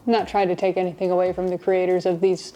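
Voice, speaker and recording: A woman's voice: fairly low pitch, flat delivery, fast, mellow, muffled recording, faint music behind. Woman, movie reviewer, casual video review, sarcastic, rambling, lapel mic. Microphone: lapel mic in shirt.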